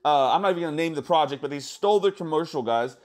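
Man, slightly high voice, hyped casual vlog, profane, excitable, keeps saying guys. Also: fast. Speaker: crypto YouTuber.

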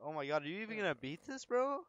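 A man hosting a gaming video, chatting casually while playing, excitable and gloating, laughing often. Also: high-pitched, fast, highs cut off, a crowd in the background. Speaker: gaming channel host. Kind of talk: casual gameplay banter.

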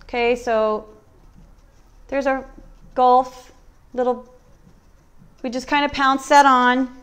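High, clear-voiced woman teaching painting. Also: slow pace. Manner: relaxed, chatty, thinking aloud. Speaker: furniture painting instructor. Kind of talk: live-streamed painting demo. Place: warm indoor workshop.

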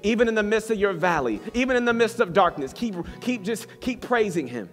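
A man's voice: sits high, lively intonation, a little fast, hardly any pauses. Fervent preacher man in a reverberant hall. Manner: fervent, exhorting. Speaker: pastor. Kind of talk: sermon. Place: church hall with live congregation. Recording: long hall reverb, soft guitar behind.

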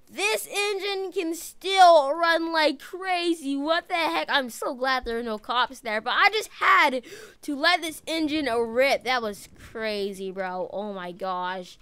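A woman narrating her own driving role-play in a game in a chatty, excitable way, tossing out "bro" and "dude" as she talks. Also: high voice, takes it slowly, no room sound. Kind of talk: casual in-character game role-play commentary.

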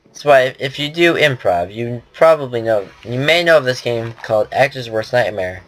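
A man's voice: mid-range voice, animated, moderate pace, a bit bright. A man giving casual game commentary at his computer, rambling and joking at his own expense. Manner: rambling, self-deprecating chatter. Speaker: gaming commentator. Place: at a home computer.

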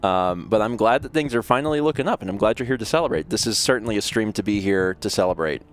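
A man streaming a game live, with excitable, rambling commentary and frequent yelps and laughs. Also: fairly low pitch, fast, faint music behind.

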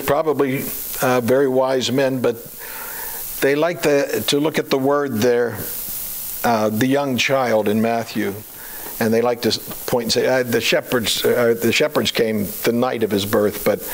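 This man, a pastor, delivers a conversational sermon laced with fillers and rhetorical questions, deliberately slowing whenever he reads from scripture. His voice sits in the mid range, and the poor audio carries a little hiss or hum.

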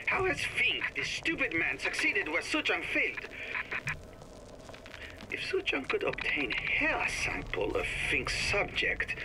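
Egotistical game scientist, clipped broken English, scornful, high and very animated, noisy diary playback. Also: male voice, full character voice. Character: fussy egotistical male scientist, older.

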